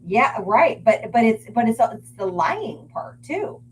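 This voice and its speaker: Halting woman talk show co-host. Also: fairly high pitch, very animated, slight background noise, rough recording. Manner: halting, repeats words as she gathers thoughts. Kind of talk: casual political chat.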